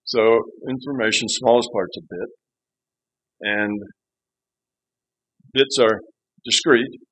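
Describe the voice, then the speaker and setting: A man's voice: mid-range voice, slow pace, pushed and bright, husky, low-quality recording. A man who is a physicist answering an audience question, explaining patiently and often saying "you see" and "you know". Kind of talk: live Q&A explanation.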